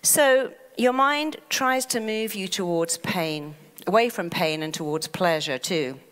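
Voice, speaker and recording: A woman therapist giving a motivational talk, lively and dramatizing inner voices. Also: fairly low pitch, measured pace. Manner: lively, acts out inner voices in quoted asides. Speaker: therapist and self-help speaker.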